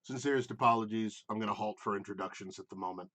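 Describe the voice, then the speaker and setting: Give me a polite, fussy companion, as a man plays him for a tabletop game. He speaks low and fairly quietly, apologetic and easily exasperated. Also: fast talker.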